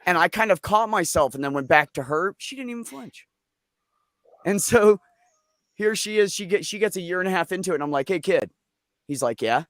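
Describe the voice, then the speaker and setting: A man's voice: sits high, lively intonation, a little fast, fairly bright tone, no room sound, studio quality. A middle-aged man hosting a casual live chat, telling stories bluntly and with lots of swearing and joking. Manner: blunt, profane, joking storyteller. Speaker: livestream host.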